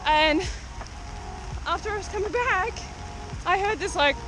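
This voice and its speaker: A high, bright-pitched woman chats and exclaims to her viewers as she wanders an overgrown graveyard in the rain, a bit out of breath. Soft music plays underneath. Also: expressive, a little slow, rough recording. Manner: chatty, exclamatory, talks to viewers. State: out of breath while walking. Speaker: cryptid-hunting vlogger. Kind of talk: casual vlog commentary while exploring. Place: overgrown cemetery outdoors in the rain.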